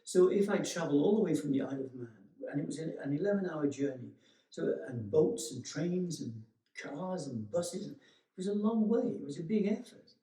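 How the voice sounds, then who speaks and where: A man giving a meditation teacher's dharma talk in a gentle, reflective way, with many pauses and restarts. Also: a little high, expressive. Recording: echoey room, voice from far off.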